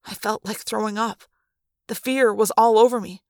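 A woman reads an audiobook chapter aloud with expressive, dramatic storytelling. Her voice sits in a middle pitch. The recording is close and dry, with no room echo. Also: normal speed. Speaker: audiobook reader. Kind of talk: fan audiobook narration.

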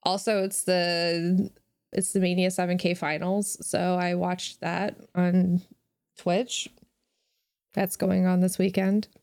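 Bubbly, teasing woman with vocal fry. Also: fairly low pitch, flat delivery, slow, darkish tone, no echo. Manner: bubbly, laughs often, playfully teasing. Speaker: podcast co-host. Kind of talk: casual chat.

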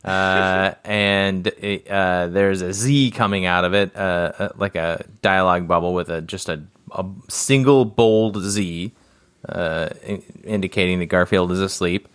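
A man with a lowish voice talks very slowly as a podcast co-host, halting over his words and chuckling as he goes. The sound is dry and close, with no room around it. His chat is easygoing and unscripted. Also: steady tone, fairly bright tone, clear, resonant tone, no echo. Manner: slow, halting descriptions with frequent chuckles. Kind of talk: casual chat.

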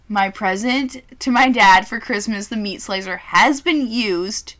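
A woman's voice: medium pitch, a little slow. A woman co-hosting a casual podcast, telling stories dramatically and swearing freely. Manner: swears freely, dramatic storytelling with shouted impressions. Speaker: podcast co-host reviewing drinks. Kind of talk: casual chat.

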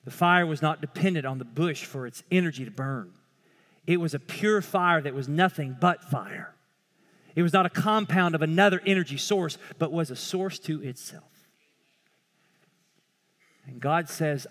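A male pastor preaching a sermon with impassioned swings from loud pleading to hushed tones. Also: a little high, normal speed, pauses often, big-room sound.

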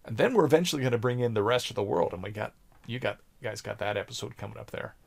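Talking fast in a gravelly, mid-range voice, this man co-hosts a podcast and casually discusses a TV series. When joking he becomes animated, performing quotes in raised voices.

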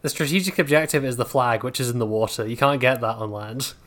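A man's voice: medium pitch, fast, a bit bright. A man playing a tabletop role-playing game with a dry, sarcastic manner. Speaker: player.

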